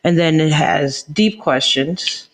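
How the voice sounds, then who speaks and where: A man's voice: on the high side, takes it slowly, a bit bright. Joking man co-hosting a couple's podcast. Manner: joking, teasing, laughs easily. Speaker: podcast co-host. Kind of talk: casual couple's podcast chat.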